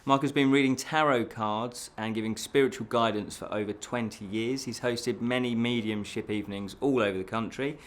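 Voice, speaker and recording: A man's voice: medium pitch, steady tone, normal speed, hardly any pauses. A man hosts a casual fantasy news show, chatty and laughing at his own slips.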